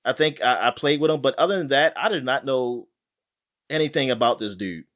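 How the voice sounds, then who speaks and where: A man co-hosting a gaming podcast, chatting casually, animated and laughing, rambling with restarts. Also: mid-range voice, a little fast. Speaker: podcast co-host. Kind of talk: casual chat.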